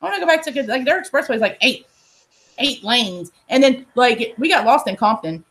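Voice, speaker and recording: A woman's voice: a little high, animated, normal speed, fairly bright tone. Profane, laughing woman. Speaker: host. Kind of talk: casual chat.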